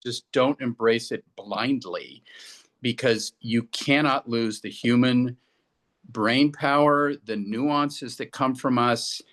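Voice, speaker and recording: A man's voice: mid-range voice, slow pace, a bit bright. A man co-hosting a business podcast, talking earnestly and restarting his sentences often. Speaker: podcast co-host. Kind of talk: casual discussion.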